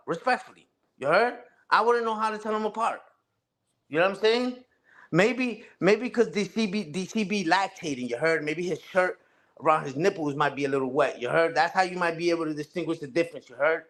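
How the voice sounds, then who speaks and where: A man's voice: high voice, lively intonation, normal speed, fairly bright tone. A young man ranting on a casual livestream, trash-talking other streamers in a profane, repetitive way, often tagging lines with "you heard?" and "respectfully". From Puerto Rican family on mother's side. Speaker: live streamer.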